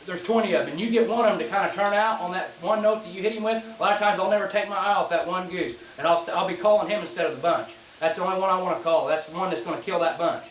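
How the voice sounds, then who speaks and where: Man, high register, easygoing folksy teaching manner, recorded from a distance in a roomy space. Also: racing, few pauses, slight background noise. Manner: relaxed, folksy, repeats and restarts phrases. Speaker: goose call instructor. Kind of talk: casual spoken demonstration. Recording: distant mic in an echoey space, faint clicking.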